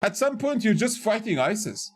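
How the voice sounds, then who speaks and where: A man reacting to a video in casual chat, loud, swearing and laughing often. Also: high-pitched, big pitch swings, moderate pace. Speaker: reaction streamer.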